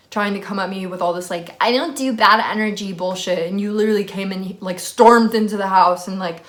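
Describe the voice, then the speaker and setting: A young woman casually telling a roommate story to her channel, chatty with lots of fillers and an exasperated tone. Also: medium pitch.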